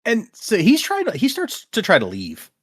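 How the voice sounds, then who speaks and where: A man's voice: high voice, wildly swooping pitch, normal speed, slightly rough. A man co-hosting a casual book chat, rambling through a recap of the chapters and acting out quotes. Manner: rambling storyteller, acts out quotes. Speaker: podcast co-host.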